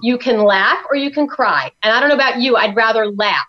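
A woman's voice: a little high, fairly quick, highs cut off. A woman from New York, a parenting coach, talking as an upbeat, salesy guest on a talk show. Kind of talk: enthusiastic talk-show chat. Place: studio in Tampa.

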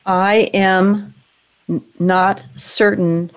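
A woman coaching someone through an emotional exercise, giving calm, directive prompts. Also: medium pitch, very slow. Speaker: emotional brain training coach. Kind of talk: guided coaching session.

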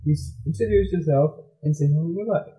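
A man's voice: fairly high pitch, fairly quick, mellow, close to an everyday voice. Man doing Bruce the big shark. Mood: formal. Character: big toothy male great white shark. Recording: roomy echo.

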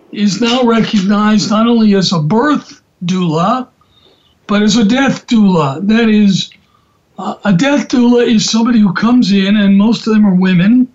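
A man hosting a radio talk show, slow and folksy with drawn-out phrasing. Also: sits high, darkish tone. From Atlanta, USA. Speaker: radio show host, rabbi. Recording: dull, lo-fi radio audio.

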